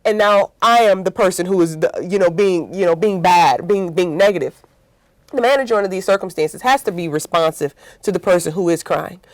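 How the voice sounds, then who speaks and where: A woman's voice: lowish voice, a little fast, no room sound, studio quality. A woman guest in a conversational interview about workplaces, telling stories with acted-out quotes and often adding "right?". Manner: animated storytelling with acted-out quotes; frequent "right?" tags.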